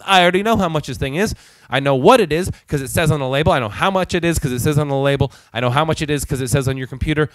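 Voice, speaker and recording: A man's voice: a little high, racing, no room sound. A man hosting his own show, telling a heated, profanity-filled comic story. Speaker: show host.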